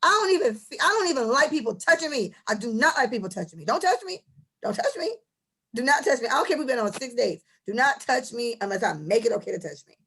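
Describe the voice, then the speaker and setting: A woman's voice: fairly high pitch, fast talker, slightly rough. A woman hosting a podcast in casual chat, telling stories bluntly with plenty of profanity and energy. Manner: blunt, animated storytelling with profanity. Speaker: podcast host.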